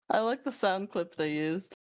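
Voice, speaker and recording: A woman chatting casually with a friend on a call, giggly and drawn-out as she tells stories. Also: mid-range voice. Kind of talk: casual chat.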